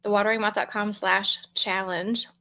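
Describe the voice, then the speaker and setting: A woman's voice: mid-range voice, moderate pace, vocal fry. Chatty woman hosting a livestream. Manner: warm, chatty and upbeat, greets viewers by name; relaxed, chewing mints between words. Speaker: host and coach running a live challenge. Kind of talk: casual livestream chat, greeting commenters. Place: home room with a fan, livestream.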